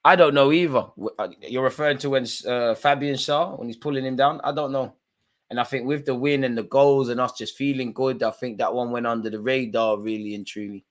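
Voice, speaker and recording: A man's voice: mid-range voice, steady tone, a little fast. A man hosting a live football watchalong, calling out players by name and bantering in casual slang. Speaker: watchalong host.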